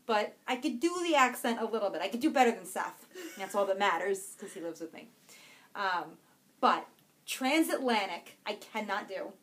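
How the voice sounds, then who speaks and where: A woman with a Long Island accent, co-hosting a podcast in an animated, playful casual chat. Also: medium pitch. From Long Island, New York. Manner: animated, playful, quick to laugh. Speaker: podcast co-host.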